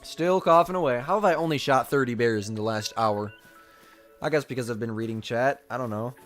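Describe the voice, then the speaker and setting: A man's voice: medium pitch, a little fast, soft background music. A man streaming a hunting game live, chatting casually and answering viewers' messages aloud while coughing a bit. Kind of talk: live gameplay commentary.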